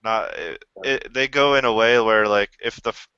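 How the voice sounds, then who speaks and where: Bright, smooth-voiced rambling man. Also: on the low side, normal speed, no room sound. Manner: rambling, restarts often, profane. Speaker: Army veteran. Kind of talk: casual chat. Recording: dull lo-fi recording.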